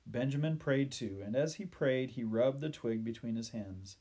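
A man reading a children's Bible story aloud, gentle and measured, slowing down at sad moments. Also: medium pitch, slightly rough.

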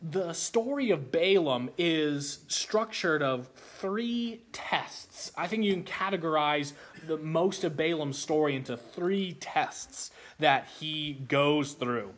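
A man preaching a sermon, telling a childhood story with animated delivery before explaining a Bible passage. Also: fairly high pitch, slow. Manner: animated storytelling, acts out voices.

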